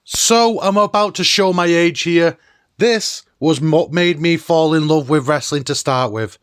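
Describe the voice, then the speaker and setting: A man hosting a nostalgic countdown video, talking in an enthusiastic, chatty way. His voice is clear and smooth, and it sits a little high. It is recorded dry and close. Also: measured pace, no room sound, faint music behind. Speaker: host.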